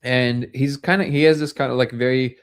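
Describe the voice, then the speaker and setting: A man hosts a casual live discussion, his voice sitting at an ordinary middle pitch. He rambles through his stories, circling back with fillers and restarts. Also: steady tone, brisk, clear, resonant tone. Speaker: host.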